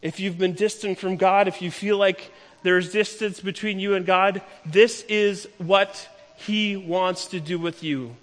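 A man preaching a sermon, retelling a story with emphatic, slowing delivery. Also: high-pitched, steady tone. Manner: storytelling, emphatic, slows down for key lines. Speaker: pastor. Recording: long hall reverb.

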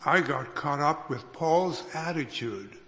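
A man preaching a sermon as a pastor, unhurried, with restarts and careful emphasis. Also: a little high, lively intonation, sharp tone. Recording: long reverb of a hall.

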